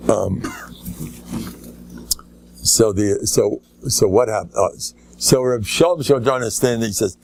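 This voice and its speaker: A man's voice: medium pitch, gravelly, a little mellow, no echo. An older man, a rabbi giving an informal lecture, telling stories with joking asides and rambling restarts. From United States. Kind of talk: informal Torah lecture with anecdotes.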